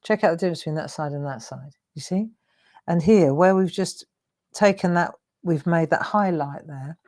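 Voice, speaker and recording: A woman's voice: fairly low pitch, normal speed, a little mellow. A woman hosting a live craft tutorial, chatting in a self-deprecating way while she colours in.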